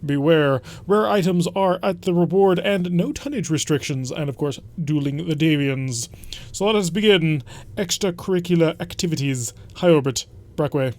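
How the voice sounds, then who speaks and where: A man's voice: fairly high pitch, normal speed, a little mellow. A man hosting a let's play, talking through his strategy in a chatty, rambling way with frequent self-corrections. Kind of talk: casual game commentary.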